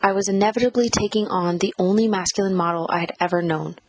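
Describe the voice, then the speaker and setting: Woman narrator, husky voice, dry close sound, measured reflective audiobook reading. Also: medium pitch, steady tone, dry recording, rough recording. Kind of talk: first-person audiobook narration.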